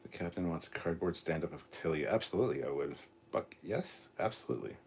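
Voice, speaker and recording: A man's voice: low voice, expressive, fairly quick, a little hiss or hum. A man hosting a live stream, reading out chat comments in a casual, crude way with plenty of swearing. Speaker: host.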